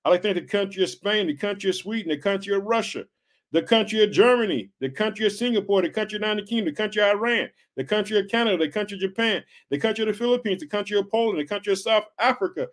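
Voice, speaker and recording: A man's voice: high voice, racing. A man from Illinois preaching an upbeat podcast sermon, exhorting listeners with repeated rhetorical questions. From Illinois, USA. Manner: exhorting, repetitive call-and-response phrasing.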